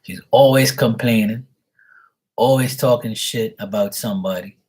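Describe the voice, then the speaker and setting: A man's voice: on the low side, normal speed, darkish tone, husky. A man chatting casually on a live tarot stream, rambling and exasperated, swearing freely. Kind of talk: casual livestream chat.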